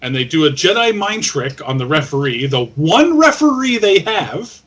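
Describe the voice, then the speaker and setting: Bright, husky-voiced man recapping a movie. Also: on the high side, very animated, normal speed. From Canada. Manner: recaps plot with joking put-on voices. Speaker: podcast co-host. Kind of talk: casual movie chat.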